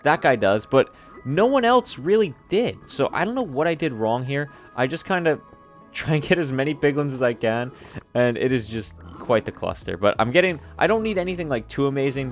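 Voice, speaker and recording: A man's voice: mid-range voice, animated, moderate pace. A young man giving casual, chatty commentary over his own gameplay, rambling with restarts and self-deprecating asides. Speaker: gaming YouTuber. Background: faint background music.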